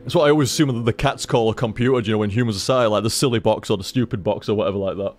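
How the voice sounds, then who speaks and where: A man's voice: on the low side, very fast, soft background music. A man streaming from home at his computer, rambling casually to viewers, swearing freely and repeating himself. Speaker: game streamer.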